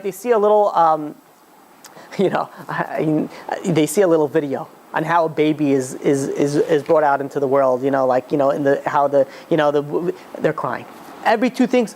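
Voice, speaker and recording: A man, a rabbi, giving an informal class in a conversational way, with many fillers and restarts, sometimes rising into high, emphatic urging. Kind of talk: informal Torah class lecture.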